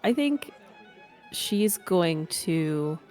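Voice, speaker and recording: A woman's voice: fairly low pitch, very animated, drawn-out words, darkish tone, faint music behind. A woman playing in a tabletop game, playful and chatty as she describes her character. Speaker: player.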